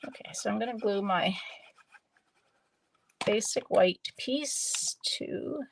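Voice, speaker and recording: Slow, gravelly woman crafting live. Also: mid-range voice, a little hiss or hum. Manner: slow, chatty, thinks aloud with restarts. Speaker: stamping demonstrator. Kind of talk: live card-making demonstration.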